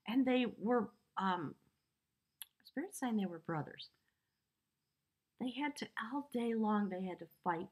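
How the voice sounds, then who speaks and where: A woman's voice: medium pitch, husky. A woman giving a spiritual tarot reading, earnest and emotional, rambling with fillers. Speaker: tarot reader.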